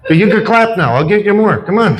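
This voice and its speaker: A man's voice: sits high, sing-song, brisk, noisy background. An older man doing stand-up in a bar, telling a long self-deprecating story with repeats and restarts. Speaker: stand-up comic. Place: bar comedy stage.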